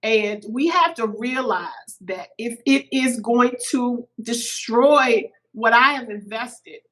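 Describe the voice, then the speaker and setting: A middle-aged woman, a podcast guest, telling a personal story in an animated way, a little teary-eyed. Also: fairly high pitch, slow, low-quality recording. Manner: animated, acts out quoted voices.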